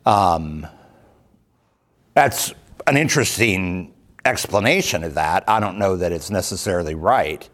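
A man leading a Bible class as pastor, talking it through slowly with many pauses, ums and restarts. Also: low-pitched, animated, a bit bright. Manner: slow, thoughtful, many fillers and restarts. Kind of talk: unscripted Bible class teaching.

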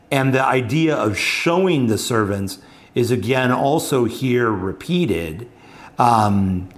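A man leading a Bible study, explaining scripture in a thoughtful, halting way with many pauses and fillers. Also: mid-range voice.

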